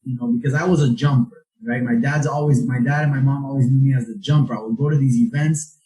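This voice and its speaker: A man talking casually as a podcast guest, with a mellow, warm tone. He tells his stories with animation, jumping up in pitch when he acts out what people said. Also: fast talker, rough recording. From South Florida. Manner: animated storytelling, acts out quotes with raised pitch. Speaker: real estate investor guest.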